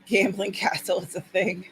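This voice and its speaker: A woman's voice: medium pitch, level tone, a little slow, creaky, a bit bright, a little hiss or hum, low-quality recording. A woman hosting a writing-sprint livestream in casual chat, upbeat and cheering viewers on by name.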